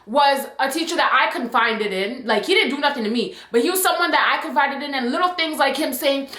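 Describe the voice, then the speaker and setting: A young woman vlogger tells a story in an animated, emphatic way. She keeps adding "like" and "okay?" in a bright, slightly high voice. The echoey room gives her voice a roomy ring. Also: a little fast. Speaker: YouTube storyteller. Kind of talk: storytime vlog.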